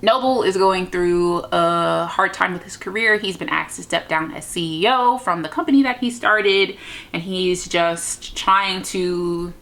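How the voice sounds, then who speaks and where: A chatty young woman reviewing books in a casual, rambling way, full of "like" and asides to her viewers. Her voice sits fairly low for a woman, and she gushes warmly over the stories she loved. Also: vocal fry. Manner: chatty, gushing, lots of "like" and "you know what I mean". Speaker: book vlogger. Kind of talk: casual book review chat.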